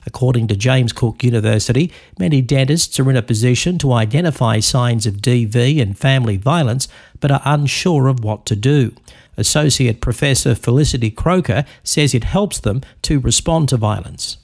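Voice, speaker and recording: A man's voice: mid-range voice, normal speed, darkish tone. A man reading a radio news bulletin. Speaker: newsreader.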